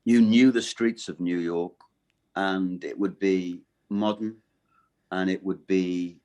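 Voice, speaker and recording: Gravelly low-voiced man, halting speech. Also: a little mellow. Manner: halting, many restarts and fillers. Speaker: voice actor guest. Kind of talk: casual interview chat.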